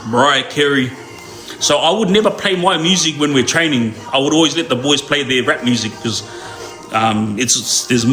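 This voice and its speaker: This young man tells stories casually on a live stream, using loose slang and laughing often. His medium-pitched voice is bright and forceful, heard in an echoey room with faint music behind him.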